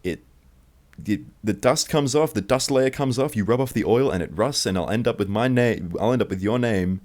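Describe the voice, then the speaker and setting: A man voicing an angry, threatening male school cleaner, gruff. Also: fairly low pitch, brisk, a little mellow, lightly acted. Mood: menacing. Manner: gruff, menacing.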